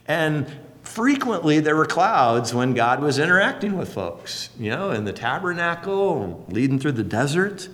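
A man preaching a sermon as a pastor, folksy and conversational, with sudden bursts of excitement. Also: a little high, unhurried, long reverb tail. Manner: animated, folksy and conversational, leaps up for exclamations.

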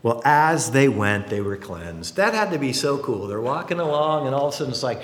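A man preaching a sermon in an animated way, acting out the people in his stories. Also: mid-range voice, fairly quick, few pauses. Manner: animated, acts out quotes. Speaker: pastor. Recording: roomy hall reverb.

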